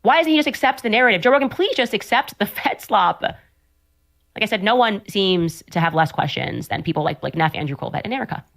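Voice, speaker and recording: A woman host rattling through pointed commentary at a quick clip. Her tone is sarcastic and combative, and her voice sits at an ordinary middle pitch. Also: expressive, gravelly, fairly bright tone. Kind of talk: opinionated commentary.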